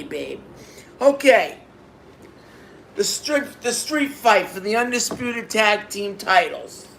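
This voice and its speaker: Excitable high-voiced man reviewing. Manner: excitable, repeats himself, bursts into exclamations. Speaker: wrestling show reviewer. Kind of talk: casual video review.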